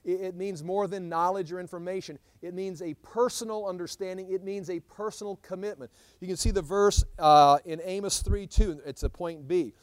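A man leads a Bible study, his voice sitting a little high for a man and sounding close and dry. He teaches in an animated, conversational way, stumbling and restarting as he works through a verse. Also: normal speed, few pauses, smooth, no room sound. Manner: animated, acts out scripture quotes, frequent restarts.

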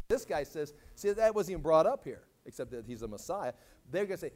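A man teaching a sermon verse by verse, casually explaining and acting out quoted lines in dramatic voices. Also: fairly quick. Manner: animated, acts out quoted lines with big swings in pitch and volume. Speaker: Bible teacher. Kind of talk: expository sermon.

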